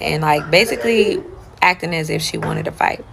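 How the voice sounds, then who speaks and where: A woman's voice: low-pitched, normal speed, vocal fry, noisy background. A young woman chatting casually as she retells a personal story, often slipping into quotes of what she and others said.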